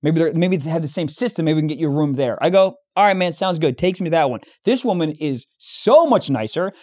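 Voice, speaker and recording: A young man co-hosting a podcast, telling a story in casual chat, animated and profane, acting out the dialogue. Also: a little high, brisk. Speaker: podcast co-host.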